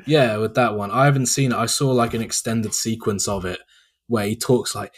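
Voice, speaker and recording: A man's voice: on the low side, fairly even intonation, moderate pace. A British man chatting as a podcast guest late at night, tired and laughing often with wry asides. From Britain. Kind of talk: casual podcast chat.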